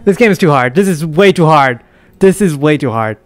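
A man giving excitable let's play commentary, yelping and exclaiming at scares. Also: fairly high pitch, moderate pace. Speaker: gaming YouTuber.

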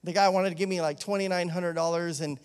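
A man, an associate pastor, preaching a sermon in a conversational, animated way, with frequent asides and calls of amen. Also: high-pitched, quick pace, clear, resonant tone. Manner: animated, acts out the disciples' pleading.

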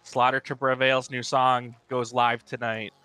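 A man's voice: medium pitch, level tone, measured pace, bright, forceful tone, clear, resonant tone, no echo, faint music behind. A man chatting offhandedly with friends on a game stream. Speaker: stream co-player. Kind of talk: casual gaming chat.

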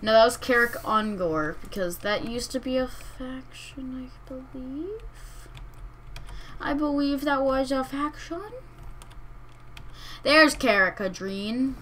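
Slow-talking woman rambling over a strategy game. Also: high-pitched, fairly bright tone, slight background noise, rough recording. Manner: rambling, hesitant, self-correcting. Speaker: gaming channel host. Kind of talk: casual let's-play commentary.

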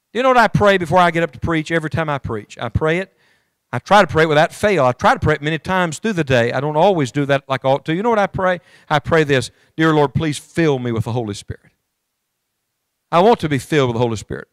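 A middle-aged evangelist preacher speaks fervently to his congregation in a church, his voice rising and falling as he addresses them directly. His pitch sits on the high side, with a fairly bright, smooth tone and no echo.

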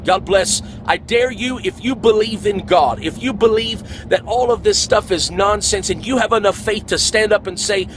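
A man's voice: high voice, normal speed, few pauses, fairly bright tone, slight background noise, poor audio. A man giving an earnest, preachy monologue for an online video.

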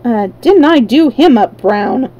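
A woman voicing a proud, scrappy yellow hen who talks back in brash slang. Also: on the high side, animated, a little slow, muffled recording. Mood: defiant. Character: feisty, defiant yellow hen.

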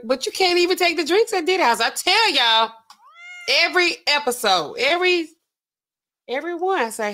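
A woman hosting a live gossip stream, talking in loose, slangy bursts and laughing often. Her voice sits fairly high for a woman and swings up when she gets worked up. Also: expressive, moderate pace, bright, forceful tone. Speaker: pharmacist host.

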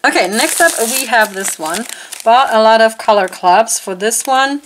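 A woman vlogger chatting casually and gushing excitedly as she unpacks a nail polish haul at home, full of fillers. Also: a little high, normal speed, noisy background. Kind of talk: casual unboxing haul chat.

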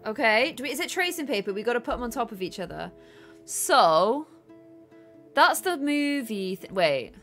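A woman's voice: on the high side, very animated, moderate pace, a bit bright, faint music behind. A young woman giggling and thinking aloud as she plays a story game, thanking her viewers along the way. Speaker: gaming streamer. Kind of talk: let's play commentary.

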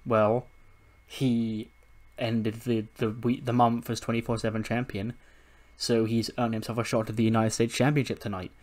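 A man voicing a calm, measured manager. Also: mid-range voice, natural voice.

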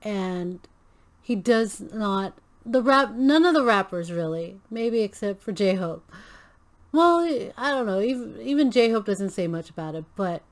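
A woman's voice: medium pitch, lively intonation, measured pace. A woman hosting a reaction video, gushing and thinking aloud with many restarts and fillers. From Filipino American. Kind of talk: casual reaction commentary.

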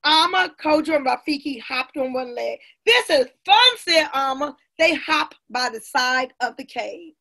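A middle-aged woman storyteller reading a children's picture book aloud, lively, and talking directly to the children listening. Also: high-pitched, a little slow, vocal fry, few pauses.

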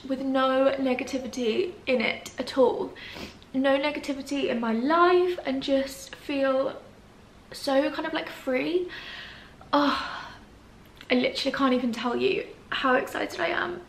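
A young woman vlogs at home, teary and gushing as she talks to the camera. Her fairly high voice has a gravelly edge. The room echoes around her, with a faint hum behind. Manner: gushing, breathy and soft-spoken. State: teary, emotional. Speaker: lifestyle vlogger. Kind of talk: tearful reflective vlog chat. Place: empty flat at home, indoors.

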